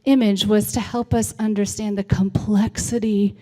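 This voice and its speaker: Middle-aged woman presenter, mellow warm tone, chatty, keeps asking right?. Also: medium pitch, flat delivery, normal speed. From United States. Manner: conversational, frequent "right?" check-ins. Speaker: literacy presenter. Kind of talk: presentation to a civic audience.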